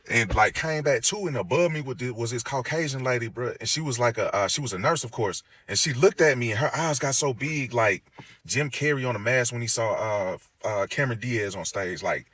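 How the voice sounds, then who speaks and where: Man, middle pitch, casual storyteller, animated, voices the people in his story, dry close sound. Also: a little fast, no room sound. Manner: loose, full of "like" fillers and restarts.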